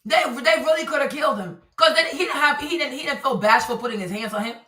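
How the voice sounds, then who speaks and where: Animated woman streamer in echoey room. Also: high-pitched, quick pace, far from the mic. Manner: animated, repetitive, talks to her audience. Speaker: streamer commentator. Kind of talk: livestream commentary. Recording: roomy echo, voice a bit off-mic.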